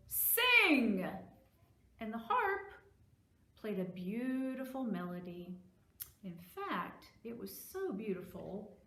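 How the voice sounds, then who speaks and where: A woman librarian reading a story aloud to children, animated and asking them questions. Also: mid-range voice. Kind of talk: virtual children's story time. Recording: echoey room.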